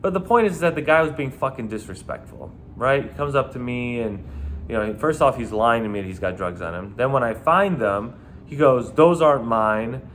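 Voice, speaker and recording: A man's voice: mid-range voice, sing-song, fairly quick, fairly bright tone, a little hiss or hum. A man who used to work as a nightclub bouncer tells stories in a casual, profane and rambling way. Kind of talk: casual storytelling.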